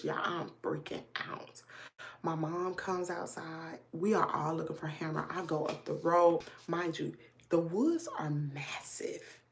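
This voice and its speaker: A woman's voice: on the low side, a little hiss or hum. Chatty Southern woman telling a story. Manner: animated storyteller who drops to a hushed near-whisper; chats while doing her makeup. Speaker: livestream host. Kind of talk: casual storytelling chat.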